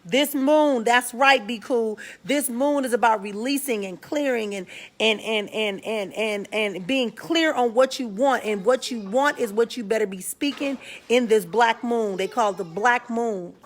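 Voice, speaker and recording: A woman's voice: fairly high pitch, a little slow, slight background noise. Frank, slangy woman hosting a live talk. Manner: frank, slangy, greets viewers by name mid-sentence. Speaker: spiritual talk show host. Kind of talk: casual live-stream talk to viewers.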